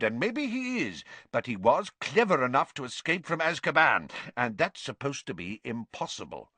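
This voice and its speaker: A man's voice: on the high side, sharp tone, dry recording, voice pushed up, exaggerated voice. A man doing an urgent, insistent middle-aged father. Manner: urgent, emphatic. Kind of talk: audiobook reading.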